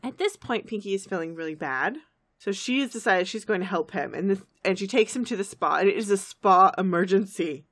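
A woman's voice: medium pitch, a little fast. A woman co-hosting a podcast, chatting and giggling as she recaps a cartoon episode. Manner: chatty, giggly, lively retelling. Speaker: podcast co-host.

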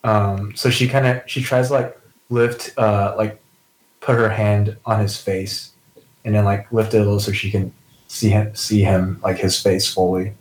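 A man playing a tabletop role-playing game describes his character's actions at a moderate pace, his fairly low voice level in tone. He rambles and says "like" a lot, heard in a roomy, low-quality recording.

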